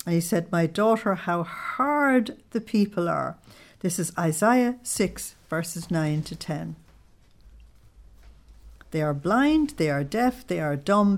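A woman leading a devotional study group, reading spiritual passages aloud and slowing down to stress key words, often checking that her listeners follow. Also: on the low side. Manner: asks listeners to check their understanding. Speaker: religious study group leader.

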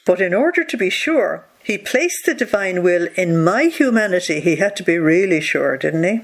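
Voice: mid-range voice, big pitch swings. Earnest teacher reading a devotional text aloud. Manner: reads passages slowly, then explains with rhetorical asides.

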